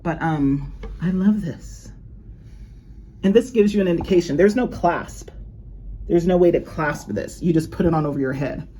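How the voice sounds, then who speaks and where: This luxury unboxing vlogger speaks at a moderate pace in a warm, somewhat low voice, leaving long pauses as she shows off new jewelry. Her chat is casual and wandering with plenty of laughter, and a faint hiss or hum is audible.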